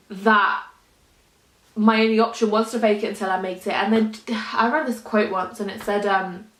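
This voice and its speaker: A woman's voice: medium pitch, a bit bright, reverberant. A young woman with a London accent, talking earnestly and openly to camera in a casual vlog. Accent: London English. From England. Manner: earnest, emotional, chatty, lots of "like". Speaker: YouTuber.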